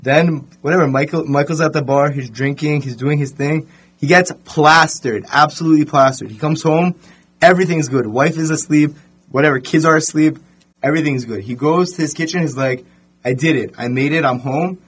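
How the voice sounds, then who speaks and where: A young man telling a story in a casual podcast chat, animated and full of fillers. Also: a little high, brisk, slightly rough.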